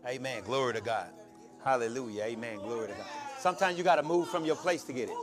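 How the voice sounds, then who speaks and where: A man preaching a sermon, calling out to his congregation and building to shouts. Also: mid-range voice, fast talker, music in the background. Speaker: pastor.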